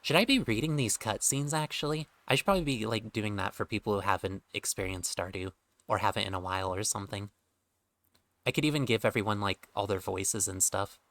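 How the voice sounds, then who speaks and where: A man's voice: lowish voice, brisk, fairly bright tone, dry recording. A man streaming a game, chatting casually, rambling and joking with offhand swearing. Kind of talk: casual gameplay commentary.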